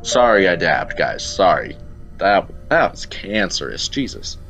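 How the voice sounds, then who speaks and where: A man's voice: deep voice, sing-song, a little slow, music in the background. A young man with a Southern US accent, giving rambling, casual let's-play commentary from home on his computer camera mic. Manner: rambling, chatty, self-interrupting. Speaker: gameplay YouTuber.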